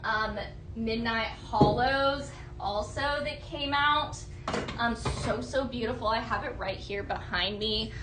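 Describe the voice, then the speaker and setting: A woman's voice: fairly high pitch, pushed and bright. A woman hosting a live shopping stream, gushing over products and reading out viewer comments in a bubbly, chatty way. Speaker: live-selling host.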